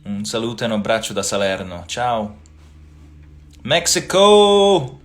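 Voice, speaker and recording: A man hosting a casual livestream, reading viewer comments aloud and chatting back in a relaxed, friendly way. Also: lowish voice, fast talker. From Italian family background.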